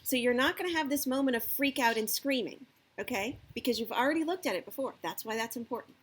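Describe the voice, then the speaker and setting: A woman's voice: fairly high pitch, fast talker, a bit bright, husky. A woman giving casual parenting advice, checking in with her listeners with frequent "okay?" and "right?". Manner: acts out the parent's lines in a lifted voice. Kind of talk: casual advice talk to camera.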